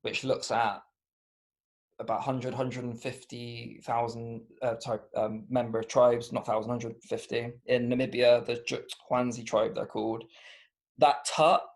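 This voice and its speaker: A man's voice: mid-range voice, little pitch movement, creaky, a little mellow. A man from Bristol with a Bristolian accent, chatting as a podcast guest in a mid-range voice. He muses aloud in a loose, rambling way, stopping and restarting often and leaning on "um" and "like" while he works out his point. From Bristol, England. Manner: thoughtful, rambling, halting with many fillers and restarts. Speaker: podcast guest, comedian and author. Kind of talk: casual interview chat.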